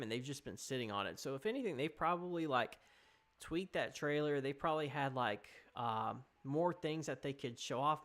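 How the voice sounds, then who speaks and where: A young man talks loosely on his live stream. He rambles and reacts to chat comments as they come in. His pitch is right in the middle for a man. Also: a bit bright. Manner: chatty, rambling, reading chat aloud.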